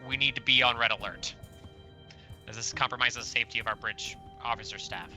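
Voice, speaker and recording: A man's voice: medium pitch, steady tone, brisk, pushed and bright, soft background music, poor audio. A man playing a starship captain in a tabletop game, speaking earnestly and urgently in character. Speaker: player voicing a starship captain. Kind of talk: in-character role-play.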